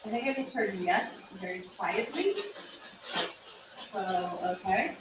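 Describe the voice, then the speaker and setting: A woman paranormal investigator asking quiet, probing questions while investigating. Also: medium pitch, lively intonation, slow pace. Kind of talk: investigation footage, talking to spirits. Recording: echoey room from far off, faint noise.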